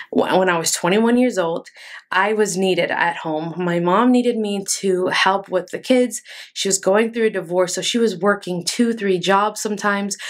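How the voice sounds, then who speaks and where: A woman from Texas hosting a podcast, giving a casual devotional talk in an earnest, conversational way with many fillers. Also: mid-range voice. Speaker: podcast host.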